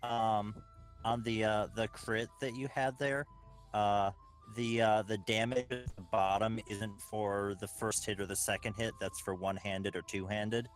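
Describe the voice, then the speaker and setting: A man's voice: on the low side, fairly even intonation, soft background music. A man chatting hesitantly about game rules over a voice call. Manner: unhurried, hesitant, many fillers. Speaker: player. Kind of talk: casual chat about a tabletop game.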